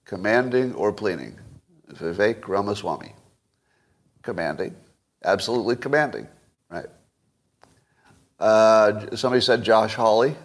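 A man's voice: on the low side, unhurried, pauses often. A man in his sixties hosting a casual solo commentary stream, wry and chuckling, quizzing his audience as he talks. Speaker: podcast host.

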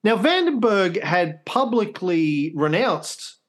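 A man's voice: sits high, very animated, slow. A man co-hosting a history podcast, explaining events with restarts and dry jokes. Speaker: co-host. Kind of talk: casual history podcast chat.

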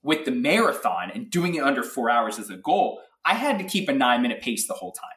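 A man telling an animated, filler-heavy story as a guest in a casual interview. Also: mid-range voice, fast, reverberant, far from the mic. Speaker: guest athlete.

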